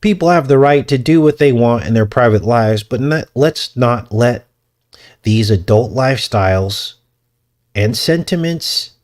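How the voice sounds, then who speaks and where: A man putting on a slow, measured impression of a male politician making a speech. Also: medium pitch, darkish tone, voice pushed up, lightly acted.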